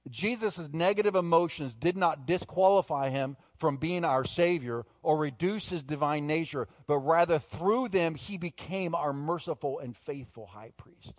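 Expressive male preacher, fairly high voice. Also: moderate pace, hardly any pauses, no echo. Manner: expressive preaching, swinging between soft intimate asides and loud emphatic bursts. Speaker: pastor. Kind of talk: sermon.

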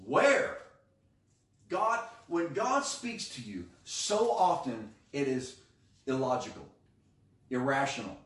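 A male pastor preaching a sermon with animated, emphatic delivery, acting out quoted lines. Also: mid-range voice, slow. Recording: echoey room, mic at a distance.

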